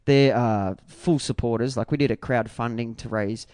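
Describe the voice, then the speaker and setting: An Australian man in a band, talking in a rambling, excitable way with many restarts in a casual interview. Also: mid-range voice, normal speed, no echo, studio quality. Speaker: band member.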